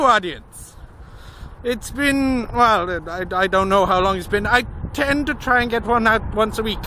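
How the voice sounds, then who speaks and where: A young man vlogging while walking along a road, talking loudly and jokily and shouting at the wind. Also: sits high, animated, a little slow. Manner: loud, silly, jokey, shouts at the wind and cars. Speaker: gaming vlogger. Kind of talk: rambling outdoor vlog. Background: wind and passing traffic.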